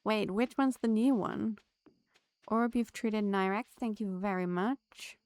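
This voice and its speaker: A woman's voice: mid-range voice, unhurried, darkish tone, no echo. A woman live-streaming a game, chatting to her viewers and laughing often. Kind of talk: live gameplay streaming chat.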